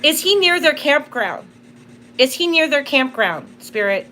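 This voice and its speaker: A woman's voice: high voice, very animated, unhurried, pushed and bright, a little hiss or hum. A woman hosting a live spirit box session, emotional and apologetic as she talks to the spirits, close to tears. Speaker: tarot reader and spirit box host.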